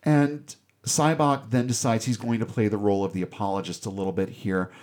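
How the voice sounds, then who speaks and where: A man's voice: fairly low pitch, fairly even intonation, fairly quick, darkish tone. A man hosting a podcast, recapping a film in casual, sarcastic and irreverent commentary.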